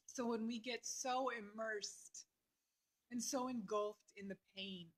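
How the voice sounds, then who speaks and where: A woman vlogger talking earnestly and openly about her feelings, with many fillers and pauses. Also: fairly high pitch, steady tone, low-quality recording. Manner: earnest, heartfelt, talks through emotion with many fillers. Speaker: astrology vlogger. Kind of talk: personal reflective talk to camera.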